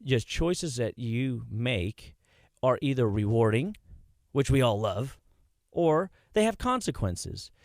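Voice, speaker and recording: A man's voice: mid-range voice, sing-song, slow pace, no room sound, studio quality. A man working at a health clinic, a guest on a radio show, telling rambling anecdotes with many restarts in a casual chat. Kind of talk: casual radio interview storytelling. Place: radio studio.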